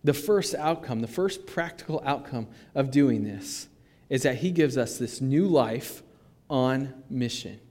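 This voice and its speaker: A male pastor preaching a sermon in a conversational, animated way, with frequent restarts. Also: medium pitch, unhurried, big-room sound.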